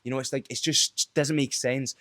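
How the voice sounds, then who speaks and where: A young man talks straight to camera about sales, blunt and casual, with a good deal of swearing. His voice sits in an ordinary middle pitch. The sound is dry and close, with no room echo. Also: steady tone, normal speed, sharp tone. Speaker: sales trainer. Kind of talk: direct-to-camera sales tips video.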